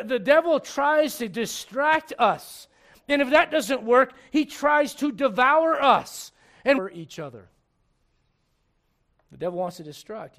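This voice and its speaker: A man preaching a sermon in church, humorous and animated, dropping to quiet asides and rising to shouts. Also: high-pitched. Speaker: pastor.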